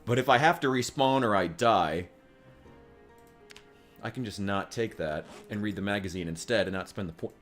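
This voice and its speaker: Soft music plays behind a US man whose lowish, fairly bright voice moves at a moderate pace with frequent pauses. He rambles casually through his gaming stream, cursing wryly.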